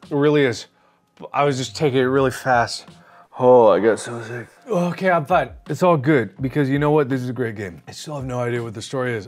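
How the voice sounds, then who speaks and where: A man in his thirties doing chaotic VR game commentary on a headset mic, swinging between loud outbursts and sick, out-of-breath muttering. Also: mid-range voice. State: nauseous and out of breath. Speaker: gaming video host.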